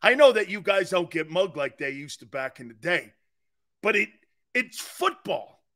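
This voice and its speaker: A man hosting a sports talk show, ranting and mocking, shouting in bursts and laughing at his own jokes. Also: sits high, very animated, normal speed. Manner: shouts in bursts between quieter asides.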